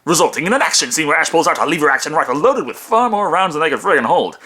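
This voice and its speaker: A man narrates a comedic movie review. He is sarcastic and profane, and his pitch leaps around a lot. His voice sounds bright and forward. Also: expressive, fast, husky.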